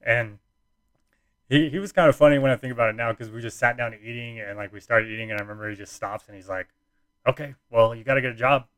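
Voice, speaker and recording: A man's voice: medium pitch, fairly even intonation, fast, fairly bright tone, dry recording. A young man casually telling a personal story, rambling with lots of fillers and restarts.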